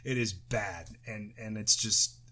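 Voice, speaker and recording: A man's voice: lowish voice, slow pace, pushed and bright. Tired, profane middle-aged man chatting. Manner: loose, profane, rambling with restarts. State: recovering from flu, tired. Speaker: podcast co-host. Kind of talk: casual chat.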